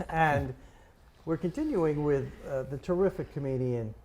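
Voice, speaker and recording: A man's voice: a little high, unhurried, darkish tone. A man hosting a comedy podcast, introducing guests in a casual, easygoing way with fillers. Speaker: podcast host. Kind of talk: casual chat.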